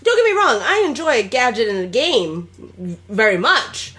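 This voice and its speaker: A playful young woman co-hosts a casual podcast, joking goofily and swearing freely. Her voice swings widely in pitch and sits fairly high. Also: sing-song, moderate pace, fairly bright tone. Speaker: podcast co-host.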